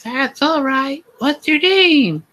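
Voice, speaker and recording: Brief: male reader doing a shrill falsetto teen goth vampire girl, gushing and overblown. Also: lively intonation, slow pace, sharp tone, exaggerated voice.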